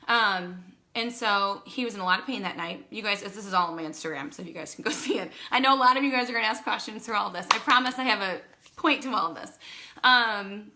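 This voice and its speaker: A woman in her thirties telling her own story into her phone, chatty and animated, acting out quoted dialogue and fighting back tears. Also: medium pitch. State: emotional, holding back tears. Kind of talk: casual personal storytelling to a phone camera.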